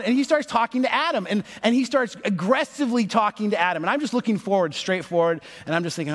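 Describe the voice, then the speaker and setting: A man in his thirties, a pastor telling a story in a sermon, animated and acting out the voices of the people in it. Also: sits high, quick pace, hardly any pauses. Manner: animated, acts out voices in stories. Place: church sanctuary. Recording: long reverb of a large hall.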